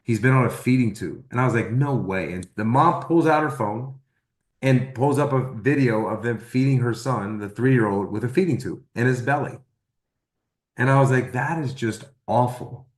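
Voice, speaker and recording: A man telling a personal testimonial story, acting out the dialogue he quotes in an animated way. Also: mid-range voice, normal speed, reverberant. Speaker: testimonial speaker.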